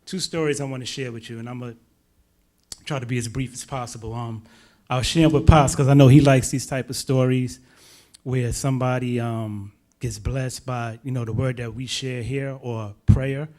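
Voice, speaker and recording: A man's voice: medium pitch, steady tone, moderate pace, warm tone. A young man sharing a spoken testimony at church, in casual slangy storytelling that grows emphatic. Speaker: church member giving testimony.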